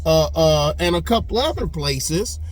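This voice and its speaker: A man's voice: fairly high pitch, expressive, a little slow. A middle-aged man giving rambling, folksy casual commentary, often drifting off on tangents. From Texas. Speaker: channel host.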